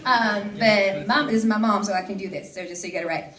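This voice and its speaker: A woman's voice: medium pitch, a little fast, few pauses, fairly bright tone. A woman in her thirties from the Seattle suburbs, giving a bubbly, joking conference talk as a campus ministry staff speaker, into a stage microphone before a large audience. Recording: echoey hall with crowd.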